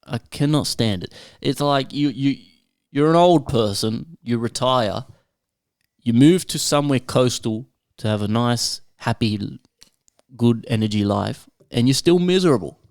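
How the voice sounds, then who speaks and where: A young man with an Australian accent, talking in a relaxed, profane, storytelling way. The recording is dry and close, with almost no room sound. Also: medium pitch, unhurried, no room sound. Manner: laid-back, profane storyteller who laughs often. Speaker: podcast panelist. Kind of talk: casual chat.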